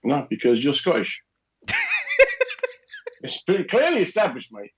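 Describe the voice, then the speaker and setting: A stand-up comic co-hosts a casual podcast, teasing his friend in a wry, deadpan way. His pitch moves a lot, and the recording sounds a bit dull. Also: a little slow. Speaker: comedian and podcast co-host. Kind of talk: casual chat.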